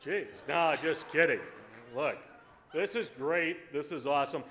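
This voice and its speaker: A man giving a loud, joking, profanity-laden acceptance speech at an awards dinner. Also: a little high, a little slow. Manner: loud, joking, swearing freely. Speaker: company CEO accepting an award. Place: banquet hall at an awards dinner. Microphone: podium microphone. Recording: live hall recording with crowd and noise.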